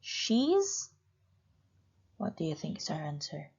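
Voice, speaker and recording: Slow, patient woman teaching young children. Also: low voice, huge pitch swings, vocal fry, darkish tone, slightly rough. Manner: slow, patient, questions and praises pupils. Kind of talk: online class lesson for young children. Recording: slightly dull, lo-fi recording.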